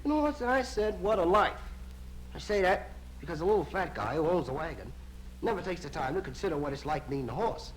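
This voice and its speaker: A man voicing a weary talking work horse in a joke, with a low, confiding grumble. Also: animated, brisk, low-quality recording. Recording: hissy vinyl record of a live show.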